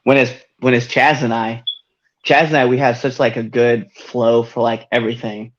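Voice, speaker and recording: A man's voice: mid-range voice, flat delivery, moderate pace, muffled recording, a little hiss or hum. A man hosting a podcast, chatting casually and laughing often as he tells wrestling stories. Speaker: podcast host.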